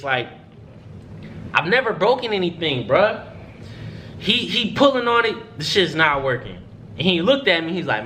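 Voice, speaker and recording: A man's voice: high voice, moderate pace, slight background noise. A young man telling a story in a casual, profane way, acting out what other people said. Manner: animated, profane, acts out other people's lines.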